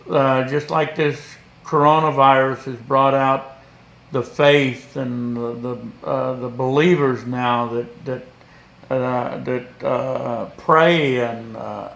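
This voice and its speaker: A man from Kentucky answering interview questions slowly and haltingly, often repeating words. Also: medium pitch, gravelly, fairly bright tone. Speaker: parishioner and guest. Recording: echoey room.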